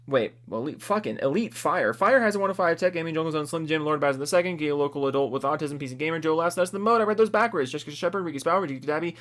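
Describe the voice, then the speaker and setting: A man from Seattle rattles off a long list of names at breakneck speed, pitched a little high. He is excitable and swears freely. He talks right into a close desk microphone. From US, Seattle area. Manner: excitable, profane, laughing at his own slips. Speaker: YouTuber reading out supporter names. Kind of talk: rapid-fire casual list reading.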